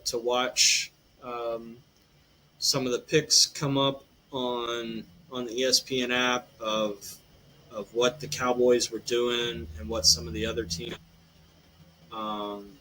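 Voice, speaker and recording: A man's voice: mid-range voice, bright, forceful tone, low-quality recording. Male podcast host, mid-range voice, casual and meandering, filler-heavy, faint room hiss. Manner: rambling, filler-heavy, says "eh". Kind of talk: casual sports betting talk.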